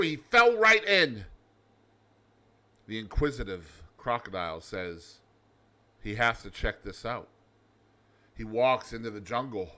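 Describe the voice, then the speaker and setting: A man hosting a daily comedy show in a loud, over-the-top alter-ego persona, reading facts and telling jokes. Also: medium pitch. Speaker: host.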